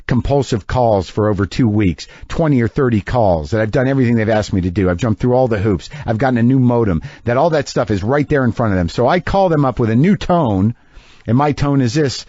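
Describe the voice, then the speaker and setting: A man's voice: medium pitch, darkish tone, no room sound, highs cut off. A middle-aged man telling a sardonic, exasperated comic story as a podcast host. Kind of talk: comedic monologue rant.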